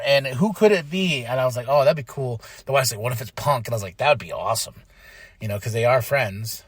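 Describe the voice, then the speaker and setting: A man hosting a podcast, giving an excitable, casual recap full of fillers and acted-out quotes. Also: fairly high pitch, no echo, clean studio sound. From Flagstaff, Arizona. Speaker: podcast host.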